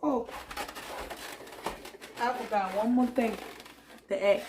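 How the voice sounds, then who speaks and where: Slow-talking woman cooking. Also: a little high, steady tone, noisy background. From Liberia. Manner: chatty, narrates each step while cooking. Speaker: cooking vlogger. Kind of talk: casual cooking chat.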